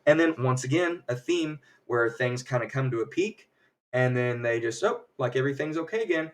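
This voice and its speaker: A man's voice: mid-range voice, moderate pace, recorded from a distance. A man casually recapping a show on a livestream, rambling with lots of fillers and acted quotes. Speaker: livestream host. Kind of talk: casual episode recap chat. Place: home livestream setup.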